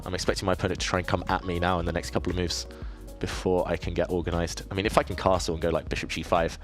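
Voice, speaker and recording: A man's voice: low-pitched, little pitch movement, very fast, soft background music. A man, from southeast England, streaming his chess games and chatting casually with viewers as he thinks aloud, in a self-deprecating way. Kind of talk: casual live-stream commentary while playing.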